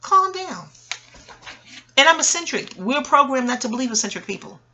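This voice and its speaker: A woman in her forties from Queens, New York, talking in a digressive, profane monologue with loud bursts of laughter. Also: high voice, lively intonation, fast, slight background noise. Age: 40s. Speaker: channel host. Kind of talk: rambling audio monologue.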